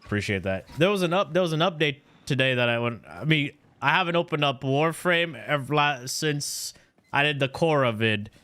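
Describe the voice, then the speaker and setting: A man's voice: a little high, animated, normal speed, sharp tone. A young man live-streaming a video game from a home setup, joking with chat, rambling, swearing freely and stumbling over words.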